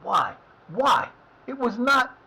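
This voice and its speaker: A man's voice: very high-pitched, very animated, slow, vocal fry, pushed and bright, low-quality recording. A man streaming a soccer management game, cursing and exasperated as he talks to himself. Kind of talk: live game commentary.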